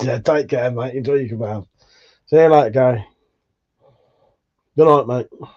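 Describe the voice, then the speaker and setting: Brief: man, livestream host, joking and cursing through chat, warm tone, muffled lo-fi sound. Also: medium pitch, normal speed, long pauses. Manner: swearing, joking banter. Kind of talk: casual live chat reading viewer messages.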